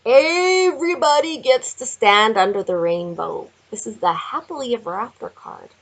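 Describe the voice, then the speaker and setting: A woman giving a chatty tarot card reading, laughing often and talking to viewers in animated asides. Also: on the high side, moderate pace, low-quality recording. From Canada. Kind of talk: casual tarot reading vlog. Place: home with window view.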